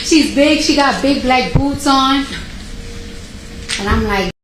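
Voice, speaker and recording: A woman testifying as a witness in court, telling her story in an animated way and acting out what people said. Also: high voice, slow. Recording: echoey courtroom, faint noise.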